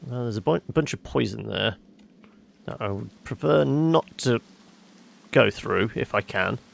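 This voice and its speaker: A man's voice: medium pitch, animated, unhurried, gravelly. A man hosting a game playthrough who makes wry remarks and thinks aloud in casual commentary. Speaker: gameplay host.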